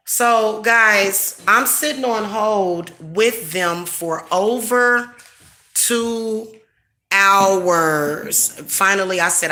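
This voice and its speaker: A woman's voice: lowish voice, slow, sharp tone. A middle-aged woman, a spiritual reader, ranting casually and profanely about her irritations to her viewers. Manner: irritated, profane, emphatic venting. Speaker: spiritual reader and channel host. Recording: echoey room with faint noise.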